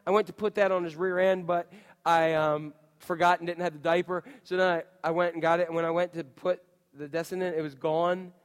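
A man's voice: fairly high pitch, fairly quick, smooth. A male pastor preaching a sermon, telling stories with energy and now and then acting out voices. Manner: animated storytelling, acts out voices and shouts. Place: church sanctuary. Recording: long reverb of a church hall.

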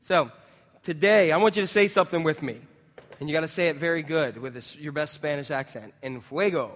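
High-voiced pastor preaching in a reverberant hall. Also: male voice, brisk, fairly bright tone. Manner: conversational, with frequent restarts and fillers. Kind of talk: sermon.

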